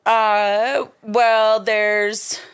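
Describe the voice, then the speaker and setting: A young woman, a guest on a podcast, speaking frankly and softly about her past, with many fillers. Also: a little high, little pitch movement, drawn-out words, clear, resonant tone. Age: young adult. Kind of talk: personal storytelling interview.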